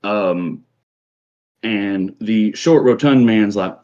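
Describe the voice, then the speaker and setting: A man's voice: mid-range voice, moderate pace, highs cut off. A man narrating as a tabletop game master, rambling with many fillers.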